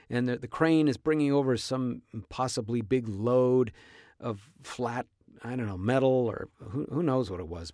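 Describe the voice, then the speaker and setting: A middle-aged podcast host from Southern California rambles through a story in a loose, chatty monologue. His voice sits in an ordinary middle pitch. It is recorded close and dry, with no room sound. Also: darkish tone, no room sound. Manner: rambling, with restarts and laughs.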